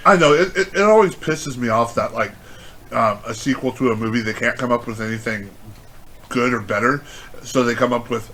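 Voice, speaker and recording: A man's voice: mid-range voice, moderate pace, bright, forceful tone, a little hiss or hum. A man co-hosting a podcast in casual chat, rambling with many fillers and swearing. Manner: rambling, filler-heavy, profane. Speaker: podcast co-host.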